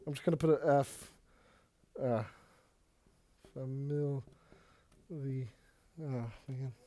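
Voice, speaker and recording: A man preaching a sermon in a casual, energetic way, with quick asides and Bible readings. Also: medium pitch. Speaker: pastor.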